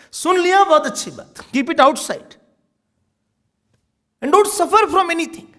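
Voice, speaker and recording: A man giving a sermon as a spiritual teacher, telling stories in an animated way and laughing often. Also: very high-pitched, quick pace, pauses often. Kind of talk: sermon with storytelling.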